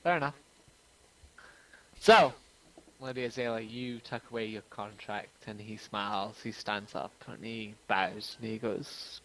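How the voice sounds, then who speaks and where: A man's voice: lowish voice, a little slow, slight background noise, low-quality recording. A man narrating as game master, casual, with joking, profane asides.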